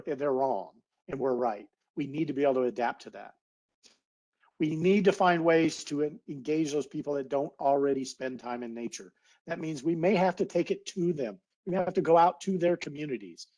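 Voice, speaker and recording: A man's voice: a little high, fairly quick, warm tone, rough recording. A man giving an earnest, heartfelt webinar talk over a video call, getting a little emotional. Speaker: guest speaker, naturalist biologist.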